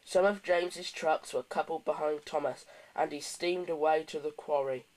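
A man narrating a children's storybook audiobook in a steady, gentle storytelling manner. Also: a little high, normal speed, rough recording.

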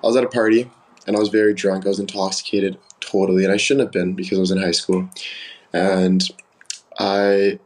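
A young man with a fairly low voice hosts a casual live stream. He rambles candidly through personal stories and answers comments from viewers as they come in. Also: low-quality recording. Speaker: livestream host. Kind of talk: casual livestream chat.

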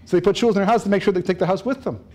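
A man giving a Torah lecture, animated, joking and laughing as he acts out dialogue. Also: sits high, very fast. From lives in Israel. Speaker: rabbi giving a Torah talk. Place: lecture room.

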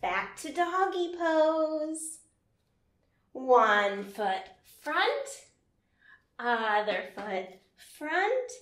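A woman teaching a yoga class for small children, guiding them in a slow, gentle and playful way, with sung lines and animal sounds. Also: high voice, very animated, reverberant, recorded from a distance.

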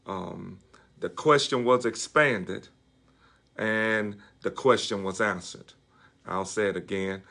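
A man's voice: mid-range voice, pushed and bright. A man, serving as a bishop and delivering a devotional sermon, speaking with many fillers and repeating key phrases for emphasis.

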